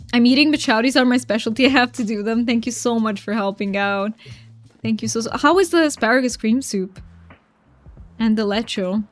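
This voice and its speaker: Young woman streamer, bright higher voice, casual and giggly with chat, soft game music underneath. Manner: chatty, giggly, reads chat aloud.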